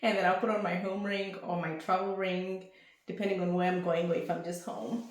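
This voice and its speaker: A woman's voice: on the low side, a little fast. Chatty young woman in an echoey room. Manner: chatty and rambling, with bursts of excitement. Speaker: vlogger. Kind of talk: casual chat to camera.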